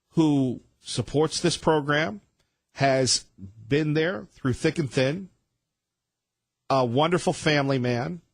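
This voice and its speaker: Emphatic, husky-voiced male radio host. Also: medium pitch, dry recording. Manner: emphatic, rambling, with many restarts. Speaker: radio talk show host. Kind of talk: talk radio monologue.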